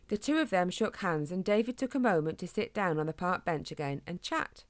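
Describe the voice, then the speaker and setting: A woman narrating a children's storybook in a calm, gentle way. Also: fairly low pitch, a little fast, hardly any pauses, no room sound. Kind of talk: storybook reading.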